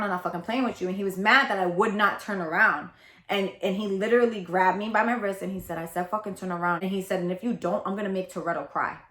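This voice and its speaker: Woman, casual confessional vlog, blunt and profane, high-ish pitch, echoey room. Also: a bit bright. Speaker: vlogger.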